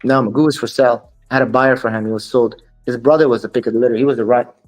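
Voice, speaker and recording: Soft music plays behind a dog breeder being interviewed as he races through his stories in a steady, mid-range voice. He speaks plainly, waves off critics, and quotes others' words directly.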